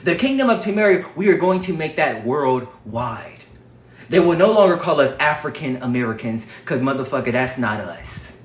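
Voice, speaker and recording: A man hosting a livestream, talking in an animated, profane, preachy way. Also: medium pitch, moderate pace, reverberant. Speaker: livestream host. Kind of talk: casual livestream talk.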